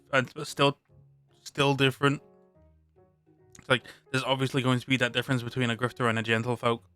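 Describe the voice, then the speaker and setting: A British man reads a tabletop rulebook aloud on his stream, stopping to restart words and chat between sections. His voice is bright and crisp. It sits close and dry on the mic, with faint music playing underneath. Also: mid-range voice. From Britain. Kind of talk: live-stream rulebook read-through.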